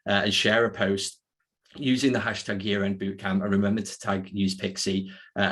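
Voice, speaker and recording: A male webinar host with a low voice that stays flat in pitch. He reads upbeat housekeeping notes and introduces the guest over a video call. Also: husky. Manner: upbeat, housekeeping announcements with frequent "uh" fillers.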